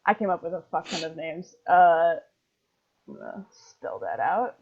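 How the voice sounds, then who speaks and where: A woman's voice: fairly low pitch, very animated, measured pace, slightly rough. A woman running a tabletop game as game master, hesitant and full of fillers, swearing casually. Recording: dull lo-fi sound.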